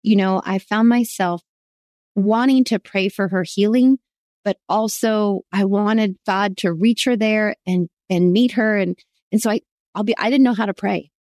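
A woman's voice: mid-range voice, a little slow, a little mellow, no room sound, studio quality. A woman co-hosting a Bible study podcast, talking earnestly and confessionally. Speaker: co-host.

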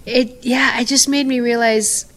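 Animated woman podcast co-host. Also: on the high side, a little slow. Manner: animated storyteller, acts out quotes. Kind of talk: casual heartfelt chat.

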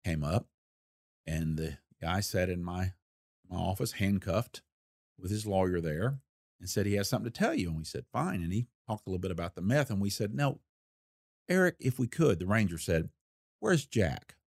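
Folksy low-voiced man telling a case story. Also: big pitch swings, moderate pace, gravelly, darkish tone, no echo, studio quality. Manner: folksy, plain-spoken, acts out quoted voices. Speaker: former federal investigator recounting a case. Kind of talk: storytelling in an interview.

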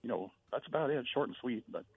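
Give me a friendly man calling in over a phone line, husky and gravelly. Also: mid-range voice, animated, dry recording. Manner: friendly, rambling with pauses. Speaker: caller. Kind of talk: phone-in chat.

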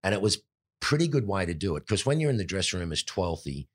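A man in his sixties with an Australian accent, a former cricketer telling lively anecdotes in an interview. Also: deep voice, fast talker, husky. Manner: animated anecdotes, mimics voices in quotes. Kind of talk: storytelling interview.

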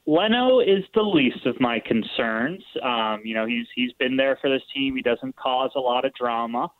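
A man with a nasal voice calling in as a guest, talking through his opinion in a measured way. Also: medium pitch, dry recording. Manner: measured, thinking aloud. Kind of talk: casual sports talk. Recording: tinny phone-line audio.

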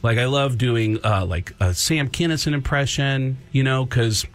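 Animated male comedian telling stories. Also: medium pitch, normal speed, soft background music. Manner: animated storyteller, slips into voices. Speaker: guest comedian and impressionist. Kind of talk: casual radio talk.

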